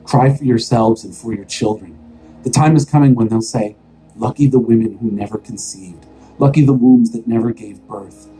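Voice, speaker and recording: A man reading aloud voices a calm, quiet male teacher who speaks softly, with faint music behind. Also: medium pitch, moderate pace, natural voice, poor audio. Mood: grave. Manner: hushed, soft-spoken.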